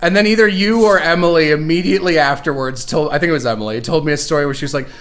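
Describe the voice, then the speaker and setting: A man's voice: on the high side, very fast, fairly bright tone. A man hosting a casual livestream chat, retelling stories with lots of laughter and quoted voices. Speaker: show creator and stream host.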